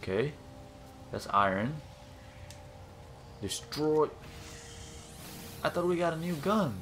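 A man's voice: on the high side, slow, a little hiss or hum. A young man casually commenting on his own gameplay, exclaiming and gasping often as he explores. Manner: excitable, gasps and exclaims often. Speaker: gaming channel host. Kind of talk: casual let's-play commentary.

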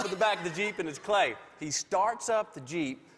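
A man's voice: sits high, animated, normal speed, fairly bright tone, slightly rough. A man, a late-night talk show guest telling a long story, drawling and acting out other people's lines as he goes. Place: television studio stage. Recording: studio hall reverb with faint noise.

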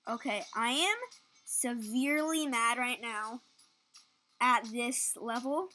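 A young woman giving excitable, casual commentary while playing a game, yelping at near misses. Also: a little high, takes it slowly, heavy background noise. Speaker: gaming channel host.

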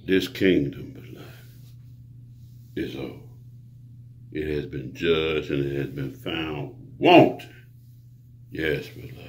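A man's voice: a bass voice, takes it slowly, pauses often, darkish tone. A man preaching a rambling monologue to his viewers, grandiose and profane, lecturing the listener. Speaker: self-styled preacher.

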